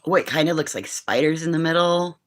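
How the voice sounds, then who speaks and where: A woman's voice: deep voice, fairly quick. A woman chatting casually on her livestream, telling stories and swearing freely. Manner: coos softly over a child's craft. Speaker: livestream host.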